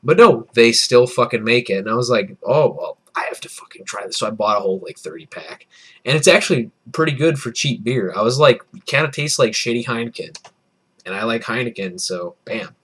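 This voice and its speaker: A man's voice: mid-range voice, animated, a little fast, a bit bright, breathy edge. A young man in his early twenties, tipsy from beer, telling a rambling, profane, self-deprecating story in a casual vlog. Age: early 20s. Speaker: vlogger.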